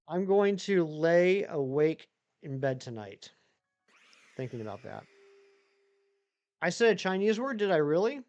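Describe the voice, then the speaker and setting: A man's voice: on the high side, big pitch swings, measured pace, pauses often, a little mellow, lo-fi sound. A man live-streaming who chats loosely with viewers, reads their messages aloud and rambles with many restarts. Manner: rambling, chatty, reads chat aloud and answers it. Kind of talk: casual live-stream chat.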